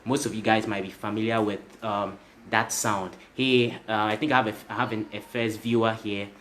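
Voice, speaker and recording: A motivational speaker tells a story to livestream viewers, speaking to them directly, repeating himself and ending lines with "right?". His fairly low voice moves little in pitch, comes at a moderate pace and sounds a bit bright. A little hiss or hum sits under the recording.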